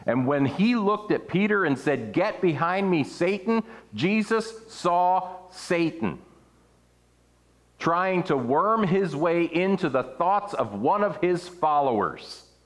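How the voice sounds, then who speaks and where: A man preaching an earnest sermon, his pitch rising and falling for emphasis as he reads and explains scripture. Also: lively intonation, takes it slowly.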